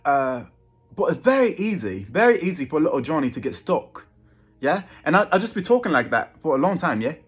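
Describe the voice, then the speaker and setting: Cheeky london geezer voice, quick and chirpy, a man putting it on. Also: on the high side, sing-song, husky, voice pushed up.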